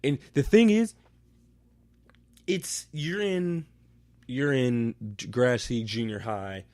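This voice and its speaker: A man talking alone into a home podcast mic, recapping a show episode. His voice sits at a middle pitch. He rambles, swears freely and breaks into animated outbursts. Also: slow, no room sound. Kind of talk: casual solo recap chat.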